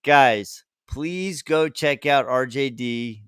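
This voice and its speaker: A man's voice: mid-range voice, slow pace, fairly bright tone, smooth, dry recording, clean studio sound. A man hosting a podcast interview, talking in an earnest, emphatic way and repeating his key points. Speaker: podcast host. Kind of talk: conversational interview.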